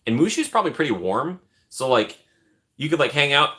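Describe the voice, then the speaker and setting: A man hosting a live stream, rambling casually and joking as he thinks out loud while reading the chat. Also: fairly high pitch, very animated, a little fast.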